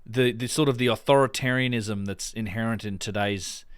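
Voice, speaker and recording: A man's voice: on the low side, fairly even intonation, moderate pace, clean tone, no echo, clean studio sound. A man hosting a casual podcast chat, rambling with many restarts and fillers. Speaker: podcast host.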